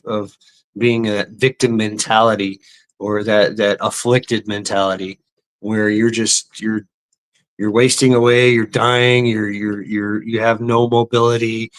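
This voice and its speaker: A man's voice: lowish voice, fairly bright tone. Sarcastic, stammering, profane man ranting. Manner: stammering repetitions, swearing, sarcastic. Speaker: vlogger. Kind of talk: casual profane rant.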